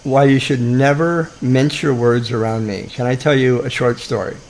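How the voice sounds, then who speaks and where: A man's voice: mid-range voice, steady tone, normal speed, a little mellow, a little hiss or hum, rough recording. A man hosting a live online audio room, chatting casually with lots of restarts, stalls and chuckles. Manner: rambling with many restarts and chuckles. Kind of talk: casual chat.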